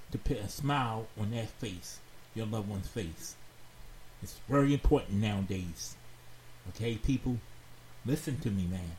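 A man hosting a radio talk show, giving heartfelt advice in a slow, earnest, preachy way and repeating phrases for emphasis. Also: lowish voice, animated, darkish tone. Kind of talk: heartfelt advice monologue to listeners. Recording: roomy echoey sound with faint background noise.

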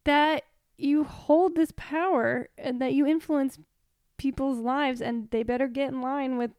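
A woman's voice: high voice, fairly even intonation, a little slow, a little mellow, no echo. A woman in casual podcast chat, speaking candidly and with emphasis. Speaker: podcast co-host.

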